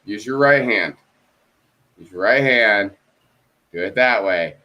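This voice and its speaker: A male co-host on a casual video call speaks slowly but animatedly, with a fairly low pitch and sharp tone. His story is full of swearing, and he acts out both sides of the phone calls in it.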